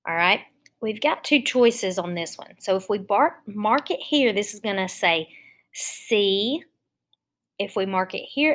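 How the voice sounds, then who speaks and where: A woman teaching phonics to young children. She talks slowly and patiently, breaking every step down. Her voice sits at an ordinary middle pitch. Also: animated, fairly bright tone. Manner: slow, patient, step-by-step explaining.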